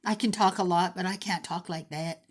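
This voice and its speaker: A woman's voice: fairly low pitch, steady tone, a little fast. A woman in her forties chatting casually as she sorts and prices thrifted jewelry, teasing herself as she goes. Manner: chatty, self-mocking, talks to herself while sorting. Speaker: thrift jewelry unboxing vlogger. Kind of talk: casual unboxing commentary.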